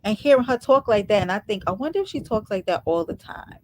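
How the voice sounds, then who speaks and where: A middle-aged woman hosts a casual live stream chat in a calm, soft-spoken voice. She greets her viewers one by one and speaks at an easy, unhurried pace. Her voice is set at a middle pitch, with a faint hiss in the background.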